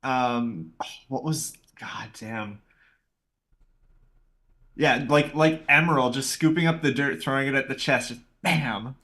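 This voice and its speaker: Casting: man player, bright tense voice, drawn-out unhurried delivery. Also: medium pitch. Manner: slow, vivid describing of his character's actions. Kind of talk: tabletop role-play.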